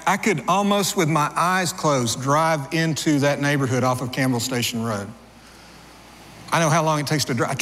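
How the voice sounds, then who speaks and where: A middle-aged male pastor giving a sermon in a conversational, storytelling way. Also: fairly bright tone. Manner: conversational storytelling preacher, rises in pitch for acted dialogue. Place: church sanctuary. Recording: long church-hall reverb, faint ambience.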